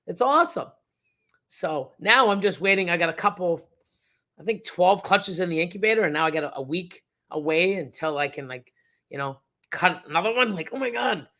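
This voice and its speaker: His voice is high-pitched with a fairly bright tone. A middle-aged reptile breeder hosting a laid-back livestream, he reads the chat and rambles, often using fillers and starting his sentences over.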